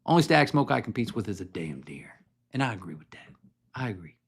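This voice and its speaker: A man's voice: on the low side, big pitch swings, brisk, gravelly, husky. A man hosting a whiskey livestream from his home, chatting loosely and joking as he walks to his garage holding his phone. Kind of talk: casual livestream chat. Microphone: handheld phone.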